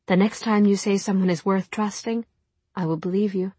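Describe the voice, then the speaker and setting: A woman narrator voicing a young woman who speaks quietly and earnestly, drained and remorseful. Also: mid-range voice, steady tone, moderate pace, slightly rough, no room sound, lightly acted.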